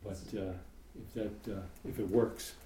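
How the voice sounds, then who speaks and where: A man's voice: fairly low pitch, steady tone, measured pace, dark tone. A man giving an informal sermon to his congregation, conversational with joking asides and many fillers. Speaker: congregation teacher. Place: meeting room with congregation. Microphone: room mic for live stream. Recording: echoey room, faint background hum.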